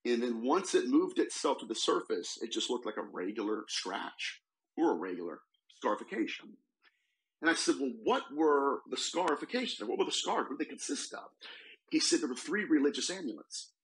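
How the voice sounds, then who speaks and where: Animated man telling an eerie case. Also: medium pitch, moderate pace, low-quality recording. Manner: animated, retells a case with quoted voices. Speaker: demonologist guest. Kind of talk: storytelling in a podcast interview.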